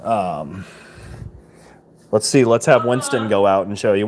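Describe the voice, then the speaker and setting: A man's voice: lowish voice, normal speed, long pauses, a little mellow, a little hiss or hum. A man hosting a casual live stream, chatting loosely with viewers and greeting them by name, often laughing as he talks into a handheld phone.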